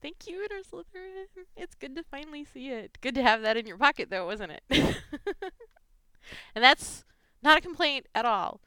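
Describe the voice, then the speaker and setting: A woman's voice: high voice, lively intonation, normal speed, sharp tone, no echo. A woman chatting casually on her vlog, giggling often and gushing emotionally. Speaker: fan fiction vlogger. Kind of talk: casual chat reading gifts.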